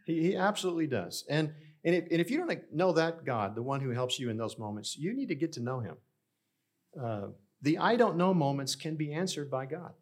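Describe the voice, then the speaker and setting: A middle-aged male pastor delivering a sermon. He talks in a relaxed, conversational storytelling manner and turns to the congregation now and then to keep them with him. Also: on the high side, a little fast.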